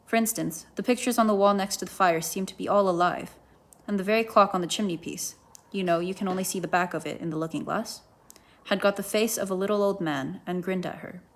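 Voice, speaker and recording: A woman reading a children's book aloud as a volunteer, in a gentle, even storytelling manner. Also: medium pitch, fairly quick. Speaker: volunteer reader.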